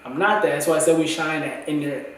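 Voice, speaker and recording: A young man in a candid, profane, slang-heavy monologue for his vlog, his voice going hoarse. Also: a little high, fast. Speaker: vlogger. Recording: echoey room, far from the mic.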